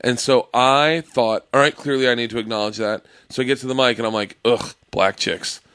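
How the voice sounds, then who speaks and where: A man guesting on a podcast, telling anecdotes in an animated way and acting out the other people in them. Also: mid-range voice, fast talker, clean tone, no room sound, clean studio sound. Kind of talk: casual chat.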